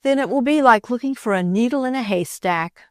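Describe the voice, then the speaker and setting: For a storybook reading, a woman voices a sensible, homely aunt on a farm. Her fairly high voice, a little fast, is pitched above her own natural voice yet stays close to an everyday sound. The recording is dry and studio quality.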